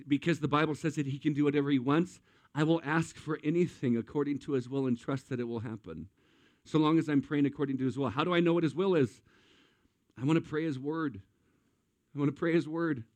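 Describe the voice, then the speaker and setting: Middle-aged male pastor, slightly high voice, dry close sound, preaches with easygoing self-mocking humor. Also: darkish tone, dry recording. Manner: humorous self-deprecating storytelling. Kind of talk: sermon.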